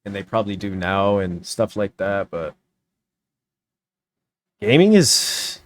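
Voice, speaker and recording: A man's voice: lowish voice, big pitch swings, slow pace, a little hiss or hum. A young man streaming, giving a heated, profane reaction rant. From United States. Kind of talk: ranting reaction commentary.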